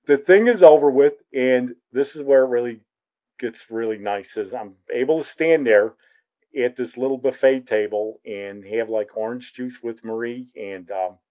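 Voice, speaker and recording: Man telling an animated anecdote. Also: mid-range voice, moderate pace. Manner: lively, acts out quoted voices. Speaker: storyteller guest. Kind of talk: casual spoken anecdote. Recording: dull lo-fi recording.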